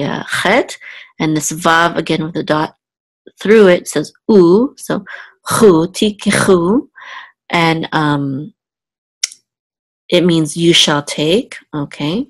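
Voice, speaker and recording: A woman teaching Biblical Hebrew word by word in a patient, self-correcting way, sounding out each letter and vowel. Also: sits low. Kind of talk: slow word-by-word reading lesson.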